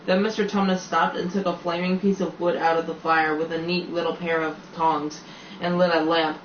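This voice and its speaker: A man's voice: a little high, level tone, normal speed, fairly bright tone, slight background noise. A man reading a children's story aloud, unrehearsed, with frequent stumbles and restarts. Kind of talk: storybook read-aloud narration. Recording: roomy, slightly dull home recording.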